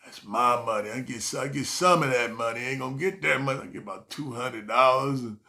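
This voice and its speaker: Gravelly, bright-voiced man telling stories. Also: medium pitch, fairly quick. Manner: laughs often, acts out quotes. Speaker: vlogger. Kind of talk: casual storytelling monologue.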